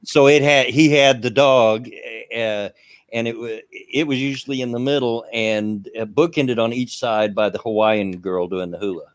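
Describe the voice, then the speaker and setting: A man's voice: mid-range voice, fairly even intonation, normal speed. Easygoing folksy man on a stream. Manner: easygoing, folksy, jokes about himself. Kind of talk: casual chat.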